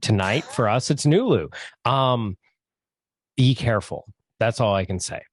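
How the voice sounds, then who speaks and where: A man's voice: mid-range voice, expressive, unhurried. A man co-hosting a casual bourbon review chat, joking and playful.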